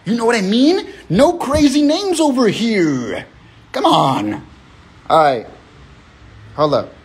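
A man's voice: extremely high pitch, huge pitch swings, takes it slowly. A young man hosting a phone livestream raffle, talking in a loose, profane, rambling way full of slang and pep talk. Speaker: livestream host running a raffle. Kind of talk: casual livestream chat.

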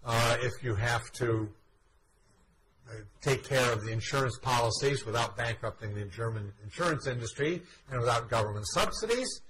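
A man's voice: mid-range voice, lively intonation, poor audio. Man lecturing with frequent "uh" fillers. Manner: frequent "uh" fillers, measured explanatory delivery. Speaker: university history lecturer. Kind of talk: university lecture. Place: university classroom. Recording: loud background noise.

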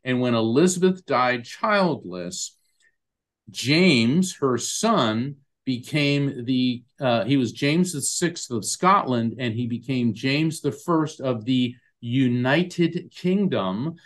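A man at an ordinary middle pitch talks through a podcast interview with animated storytelling. He breaks into the voices of the people in his stories as he goes. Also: slow. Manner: animated storyteller who acts out quoted voices. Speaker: guest, medium and lawyer.

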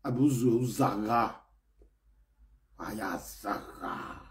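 A man ranting to his fans in an excitable, scolding way, repeating himself and bursting into shouts. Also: fairly low pitch, takes it slowly, gravelly, slight background noise. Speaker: online personality ranting to fans. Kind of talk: animated pidgin rant.

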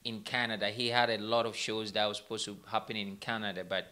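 A man's voice: fairly low pitch, little pitch movement, fast, bright, forceful tone, clear, resonant tone. A young man hosting a casual entertainment update from a small studio, chatty and rambling, often correcting himself. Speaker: entertainment news host.

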